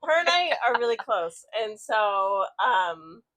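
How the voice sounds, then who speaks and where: A woman's voice: mid-range voice, big pitch swings, slow, a bit bright. A woman co-hosting a podcast, telling a personal story in a rambling, casual way with lots of fillers and swearing. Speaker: podcast co-host.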